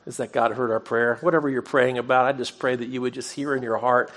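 A man's voice: medium pitch, fairly even intonation, fast talker, a bit bright. Earnest conversational male preacher. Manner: self-deprecating humor. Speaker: pastor. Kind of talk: sermon.

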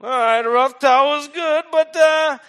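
A man voicing a group of scheming ancient male lawmakers in a put-on accent, excitedly egging each other on. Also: very high voice, moderate pace, big-room sound, pitched above the performer's own voice. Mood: gleeful.

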